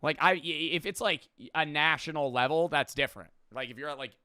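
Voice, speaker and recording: A man's voice: fairly high pitch, brisk, pushed and bright, smooth, no echo, clean studio sound. A young man streaming, reacting in casual, rambling and profane talk.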